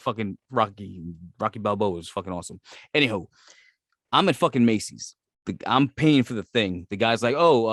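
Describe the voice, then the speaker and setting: A man's voice: medium pitch, no room sound, studio quality. A man with a Brooklyn accent, co-hosting a podcast in casual, profane chat and telling stories with acted-out voices. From Brooklyn, New York. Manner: profane, animated storyteller acting out voices. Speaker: podcast co-host.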